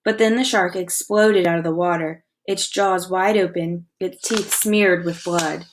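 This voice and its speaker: A woman teacher reading a novel aloud to her class with expressive storytelling, pausing to ask comprehension questions. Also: fairly low pitch, a little hiss or hum. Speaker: elementary school teacher.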